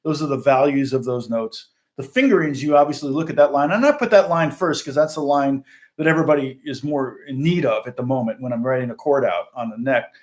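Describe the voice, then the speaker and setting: A man's voice: mid-range voice, fairly quick. A middle-aged man, a guitar teacher hosting a casual livestream chat, rambling and laughing often. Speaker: guitar teacher and channel host.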